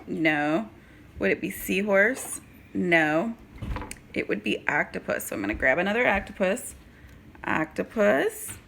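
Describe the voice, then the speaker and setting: A woman's voice: fairly low pitch, vocal fry, pushed and bright, a little hiss or hum. A woman teaching young children at circle time, patient and checking in often with the kids. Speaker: preschool teacher.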